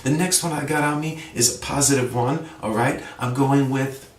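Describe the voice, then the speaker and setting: A man teaches English vocabulary in a relaxed, chatty way and keeps asking his listeners "okay?" as he goes. His voice sits in a middle register. It is picked up from a little way off the mic, in a room that gives it a noticeable echo. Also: medium pitch, moderate pace, distant mic. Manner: conversational, frequent "okay?" check-ins, acts out example phrases. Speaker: ESL teacher, podcast host. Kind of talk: casual vocabulary lesson.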